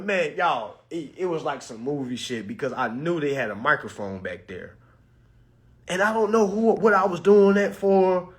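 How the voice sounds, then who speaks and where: A man telling a personal story to his viewers in a casual, animated, profane way, calling them y'all. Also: a little high, normal speed. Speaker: vlogger.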